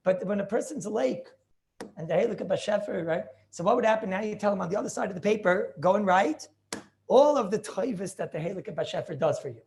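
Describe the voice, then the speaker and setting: A man's voice: sits high, expressive, fast, gravelly, darkish tone, slight background noise. A man in his forties, a rabbi teaching an informal class over a video call, stressing points by repeating them and asking rhetorical questions. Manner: emphatic, repetitive preaching with rhetorical questions.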